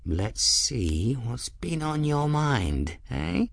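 A man's voice: on the low side, wildly swooping pitch, measured pace, gravelly, bright, forceful tone, dry recording, studio quality, exaggerated voice. A man voicing an eccentric old male teacher who is testy and theatrical, in a storybook reading. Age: older.

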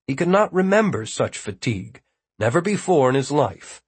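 A man narrating a novel in a measured, even reading. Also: medium pitch, husky, no echo. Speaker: audiobook narrator. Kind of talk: scripted narration.

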